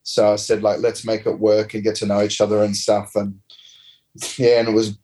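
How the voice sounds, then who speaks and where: Australian man, casual rugby yarns, low-ish voice, loose rambling delivery. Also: moderate pace, rough recording. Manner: rambling, relaxed, slangy anecdotes. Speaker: interview guest, former rugby player. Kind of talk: casual storytelling.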